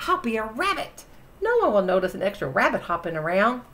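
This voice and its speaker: A woman voicing an excitable young male turkey who gobbles in a storybook reading. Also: mid-range voice, fairly quick, close to an everyday voice. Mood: excited.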